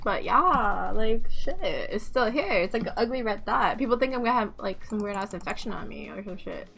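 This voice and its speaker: A woman giving live gameplay commentary, excitable, swearing and laughing, with squeals when things heat up. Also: medium pitch, a little fast, creaky, faint music behind. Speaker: game streamer.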